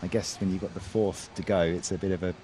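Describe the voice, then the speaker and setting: A man's voice: sits low, fairly even intonation, fast, mellow, a little hiss or hum. A man doing sports commentary, calling out the scores and the gymnasts' names with a lift in his voice. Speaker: play-by-play commentator.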